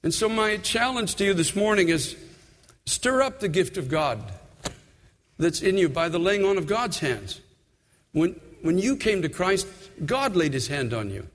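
A man's voice: sits high, sing-song, measured pace, a bit bright, big-room sound. A man in his sixties, a pastor, preaching an earnest sermon full of personal stories in a church.

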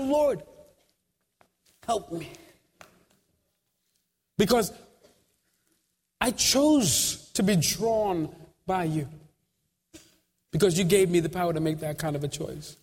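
A man with a high-sitting voice preaches a sermon in slow, broken phrases with dramatic pauses, swinging from quiet prayer to shouted peaks. He often turns aside to talk conversationally with the congregation, and a long hall reverb fills the recording.

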